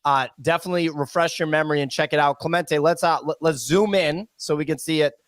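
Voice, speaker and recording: A man's voice: fairly high pitch, fairly even intonation, no room sound. A man hosting a live podcast show, chatting casually and directing his crew. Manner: directs the crew, quick and upbeat. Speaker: podcast host.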